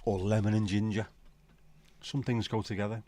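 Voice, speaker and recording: Low-voiced man rambling on a livestream. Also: level tone, moderate pace, dark tone. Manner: rambling, jokey, swears casually. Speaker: livestream host. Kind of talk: casual chat reading viewer comments.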